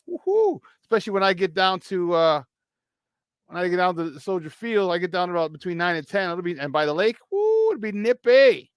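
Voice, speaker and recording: Animated high-voiced sports radio host. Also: male voice, fairly quick, clear, resonant tone, no echo. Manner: animated, laughing, hype-man energy. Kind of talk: casual sports talk.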